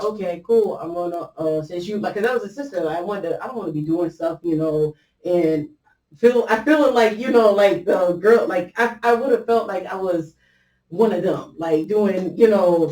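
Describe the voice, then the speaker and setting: A woman's voice: lowish voice, dark tone. Rambling woman telling a story in an echoey room. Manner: rambling, full of fillers and restarts, quotes others often. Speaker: podcast host. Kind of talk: casual storytelling to a listener. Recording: roomy echo, mic at a distance.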